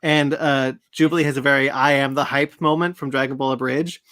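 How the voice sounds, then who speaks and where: A man co-hosting a casual podcast chat, animated and acting out lines from a comic in playful voices. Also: mid-range voice, brisk. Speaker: podcast co-host.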